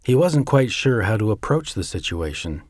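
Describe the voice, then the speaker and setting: A man with a fairly low voice narrates a suspenseful story at a measured pace. The sound is close and dry, with no room echo. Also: big pitch swings.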